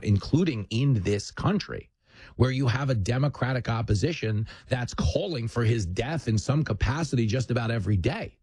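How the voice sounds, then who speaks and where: A man's voice: mid-range voice, a little mellow, breathy edge, no room sound. A male host delivering a punchy, combative political commentary monologue with jokes, on a studio mic.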